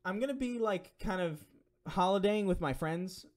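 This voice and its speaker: Speaking at a moderate pace in an animated, slightly high voice, a young man on a live stream reads viewer donations and responds to questions. He rambles, swears freely and uses many fillers.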